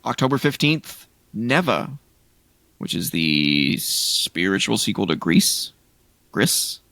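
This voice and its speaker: Gravelly low-voiced man, lively delivery. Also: slow pace, no echo. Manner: rambling, listing game releases with restarts. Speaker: podcast co-host. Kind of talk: casual chat.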